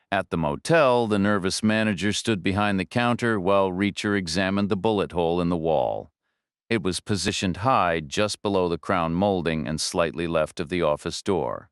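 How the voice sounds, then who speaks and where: A man narrating a thriller audiobook in a steady, measured storytelling voice on a close studio mic. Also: sits low, clean tone, no echo. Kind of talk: scripted narration.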